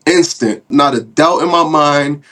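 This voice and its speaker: Plain-spoken man, higher voice. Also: measured pace, a bit bright. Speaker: near-death experience witness. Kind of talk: earnest testimony.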